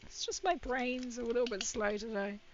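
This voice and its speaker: A woman's voice: fairly high pitch, fairly even intonation, normal speed. A woman chatting casually and rambling, laughing often as she builds a model kit on a livestream. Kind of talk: casual chat while building. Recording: dull lo-fi stream audio.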